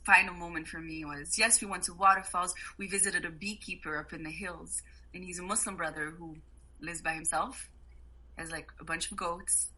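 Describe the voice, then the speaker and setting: A woman guest on a podcast, telling travel stories in a casual, animated way and laughing often. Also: lowish voice, normal speed, breathy edge, low-quality recording. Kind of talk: casual storytelling.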